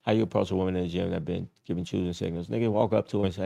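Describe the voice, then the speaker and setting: A man's voice: deep voice, fairly even intonation, racing, creaky, few pauses, warm tone. A middle-aged man hosting a dating-advice livestream, talking casually in a blunt, profane, repetitive streetwise way.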